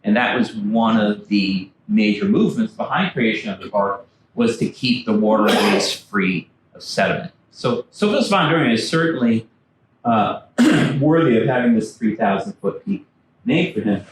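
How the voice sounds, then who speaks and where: An author and ex-backcountry ranger, this man animates his library slide talk by performing the historical figures he quotes while telling stories. His pitch is fairly low, his delivery lively, his pace moderate. The meeting room sounds echoey, he's recorded from afar, and there's a slight hiss or hum.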